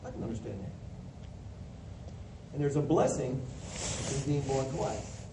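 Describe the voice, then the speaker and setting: Preaching in a church hall, a man explains scripture in a plain, teaching style, acting out the voices he quotes. His mid-range voice is animated and unhurried, recorded from a distance in the echoey hall with a faint hiss.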